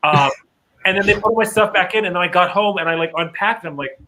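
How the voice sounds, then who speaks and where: Bright chatty man full of fillers. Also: high voice, quick pace, slight background noise, poor audio. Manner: chatty, filler-heavy, swearing. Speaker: podcast co-host. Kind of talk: casual chat, storytelling.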